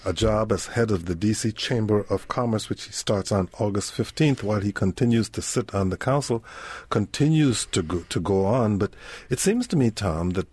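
Husky-voiced male radio host. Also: on the low side, expressive, a little mellow, no echo. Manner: measured, leads the discussion with questions. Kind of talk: radio panel discussion.

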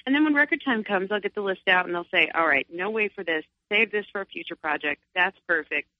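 A middle-aged woman from Long Island, chatting as a guest in an interview, animated and acting out her own thoughts. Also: mid-range voice, fast talker, no room sound. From Long Island, New York. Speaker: singer and guest. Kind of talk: casual interview. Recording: dull, lo-fi sound.

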